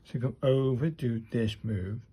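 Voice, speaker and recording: Man, husky mellow voice, slow casual running commentary while writing. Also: mid-range voice. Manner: chatty, muttering to himself as he writes, addresses viewers as "people". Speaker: handwriting practice vlogger.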